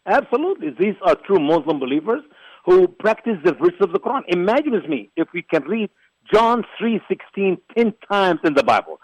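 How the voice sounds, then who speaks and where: A man from Egypt, a guest giving forceful, repetitive, preacher-like commentary on a religious talk show. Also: high-pitched, sing-song, a little fast, slightly rough, no echo, low-quality recording. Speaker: guest, ministry founder.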